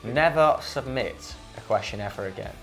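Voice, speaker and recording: A man's voice: mid-range voice, normal speed, creaky, over music. A man competing in a football quiz, teasing his opponent in casual banter. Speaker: quiz contestant.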